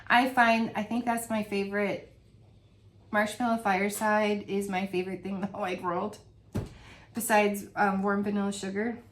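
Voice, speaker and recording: This woman, filming a relaxed product review of wax melts at home, laughs a lot and raves about the scents she loves. Her voice is mid-range, and a little hiss or hum can be heard.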